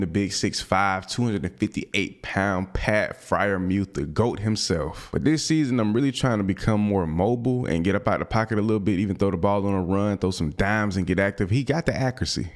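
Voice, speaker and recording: Excited young man narrating gameplay. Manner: excited, slangy, talks fast to viewers with pitch jumps when reacting. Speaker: gaming YouTuber. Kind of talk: live gameplay commentary.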